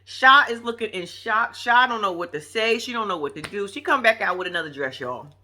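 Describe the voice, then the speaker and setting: A woman's voice: mid-range voice, a little fast. A woman vlogger reacting to a reality show in casual, chatty commentary. She talks straight to her viewers, slangy and profane, and laughs often. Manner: chatty and animated, addresses viewers directly with slang.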